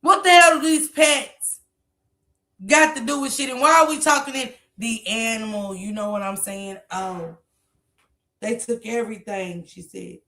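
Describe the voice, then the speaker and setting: A woman's voice: on the high side, a little slow, pushed and bright. A woman in her forties hosting a reaction commentary stream, talking in a blunt, emphatic way and swearing freely. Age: 40s. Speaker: commentary livestream host.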